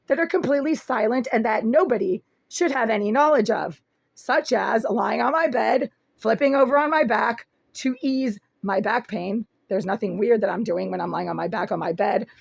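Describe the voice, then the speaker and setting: Raspy-voiced aggrieved woman vlogging from home. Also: fairly high pitch, moderate pace, no room sound. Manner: aggrieved, detailed, insistent. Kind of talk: first-person complaint video. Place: small apartment room, indoors.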